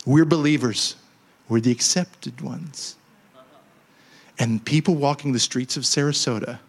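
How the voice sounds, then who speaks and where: A man preaching a sermon in an animated way, dropping to hushed lows and rising to emphatic highs. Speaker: pastor. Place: church hall.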